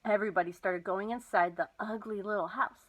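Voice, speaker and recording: A woman reading a children's novel aloud, with lively, expressive storytelling. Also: medium pitch, a little fast, low-quality recording. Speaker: storybook reader.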